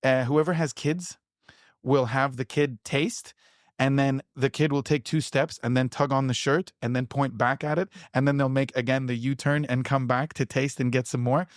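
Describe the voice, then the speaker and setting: A man's voice: mid-range voice, fairly even intonation, normal speed, no echo, studio quality. Enthusiastic man chatting with fillers. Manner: enthusiastic, rambling, with many fillers and restarts. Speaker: pitmaster and producer. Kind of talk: casual conversational interview.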